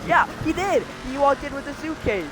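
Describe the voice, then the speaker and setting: A man's voice: very high-pitched, big pitch swings, normal speed, background noise. A man co-hosting a podcast, telling a story in a rambling, casual way, full of fillers and bursts of laughter. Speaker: podcast co-host.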